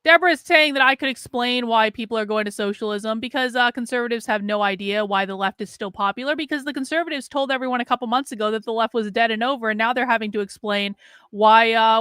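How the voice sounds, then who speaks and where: A woman's voice: a little high, a bit bright, clean tone, dry recording, studio quality. Blunt, sarcastic woman hosting a livestream. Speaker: livestream host. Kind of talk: livestream commentary.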